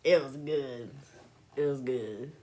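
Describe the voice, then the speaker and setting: Laughing, slow-talking woman on a live stream. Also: very deep voice, warm tone. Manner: joking, laughs often, playful teasing. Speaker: livestream host. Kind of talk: casual chat. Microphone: phone.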